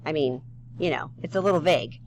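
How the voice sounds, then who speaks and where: A woman's voice: sits low, a little fast, darkish tone, slight background noise, low-quality recording. A woman teaching a grammar lesson to young children, playful and chatty, talking straight to them with questions.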